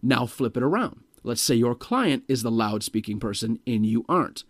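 A man delivers a sales-training lesson on vocal tonality with an emphatic, direct manner. His voice sits at a middling pitch for a man. The recording is dry and close, with little room sound. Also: expressive, normal speed, hardly any pauses, no echo. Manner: demonstrates pitch and volume by example, emphatic and direct. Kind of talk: instructional talk on vocal tonality.

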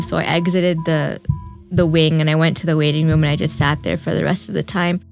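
A young woman sharing a personal recollection in an interview, speaking reflectively and haltingly with fillers and restarts. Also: sits low, level tone, creaky. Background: faint music.

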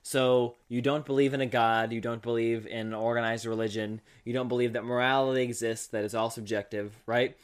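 A man's voice: medium pitch, flat delivery, fairly quick, hardly any pauses, smooth. Explaining man, often asking "right?". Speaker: podcast co-host. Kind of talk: casual faith discussion.

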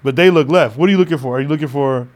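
A man's voice: on the high side, racing. A man chatting casually as a podcast co-host, laid-back, laughing often and swearing now and then. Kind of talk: casual chat.

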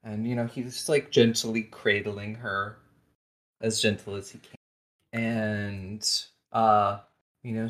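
A game master narrating a tabletop game, softly and hesitantly, with many fillers. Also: mid-range voice, flat delivery, takes it slowly, poor audio.

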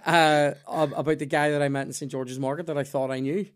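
A man's voice: fairly high pitch, steady tone, quick pace, smooth. A man with a Northern Irish accent, hosting a podcast and telling stories in casual, swearing chat. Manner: swearing, storytelling, laughs often. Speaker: podcast host.

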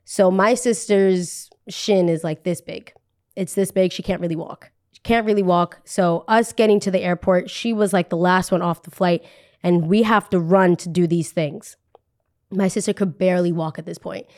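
A woman's voice: on the low side, steady tone, normal speed, darkish tone. Young woman telling a chatty story. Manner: chatty, repeats phrases for emphasis, frequent "like". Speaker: podcast host telling a story. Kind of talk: casual storytelling.

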